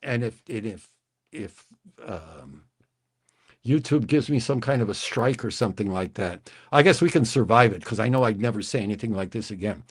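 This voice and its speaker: A man's voice: on the low side, animated, moderate pace, husky. A man in his sixties, originally from the Chicago area, hosting a livestream and telling a rambling, hesitant story full of restarts. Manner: rambling, hesitant, self-interrupting. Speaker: livestream host.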